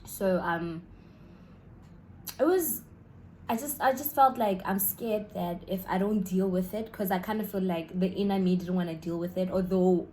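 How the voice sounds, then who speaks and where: A woman's voice: mid-range voice, normal speed, mellow, a little hiss or hum, low-quality recording. Chatty South African woman vlogger. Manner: chatty, rambling, eating snacks while talking. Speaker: YouTuber. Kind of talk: casual storytelling vlog.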